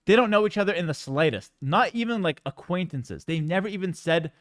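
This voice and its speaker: Streamer guy telling a story, high bouncy voice, jokey fake-angry rants. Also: a little fast, no room sound. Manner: animated, joking, exaggerated mock outrage.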